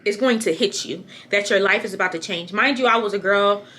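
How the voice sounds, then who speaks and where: A woman's voice: mid-range voice, brisk, a bit bright. A pregnant young woman talking candidly to camera in a casual vlog, chatty and rambling, often repeating herself. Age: young adult. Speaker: vlogger.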